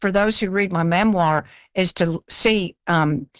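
A woman's voice: lowish voice, measured pace, no echo. An older woman from the South, telling stories as a guest in a chatty, self-deprecating way, often repeating words as she starts. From American South. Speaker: guest author. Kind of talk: casual interview storytelling.

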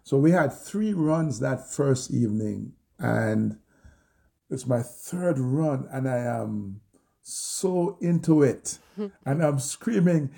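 An older man with a Jamaican accent, an interview guest telling his story vividly, acting out his own shouts and thoughts. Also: medium pitch, animated, takes it slowly, gravelly. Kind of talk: animated personal storytelling.

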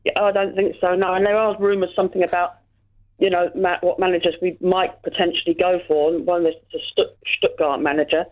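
A woman's voice: on the low side, level tone, fairly quick. Hesitant woman over a phone line. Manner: hesitant, lots of "you know". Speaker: podcast panelist. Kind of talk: casual chat.

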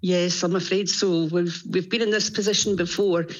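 A woman, a guest on a radio show, soft-spoken and regretful. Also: lowish voice, fairly even intonation, moderate pace, dull audio.

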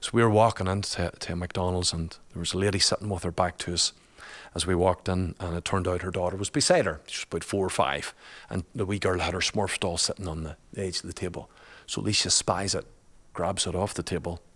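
Guy telling a story, lowish voice, laughs a lot, very chatty. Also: fairly bright tone. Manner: chatty, laughs often, colloquial. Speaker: guest, father. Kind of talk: personal storytelling in conversation.

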